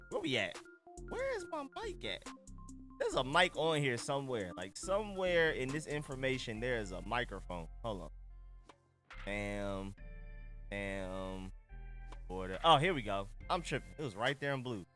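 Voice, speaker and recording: A man's voice: medium pitch, fairly bright tone. A man hosting a casual live stream, chatting in a laid-back, slangy way while he adjusts his settings. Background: faint music.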